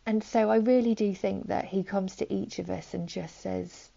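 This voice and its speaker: A woman giving a gentle, conversational sermon, soft-spoken with frequent likes and ums, on a dull lo-fi recording. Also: mid-range voice, steady tone, normal speed, vocal fry. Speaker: preacher.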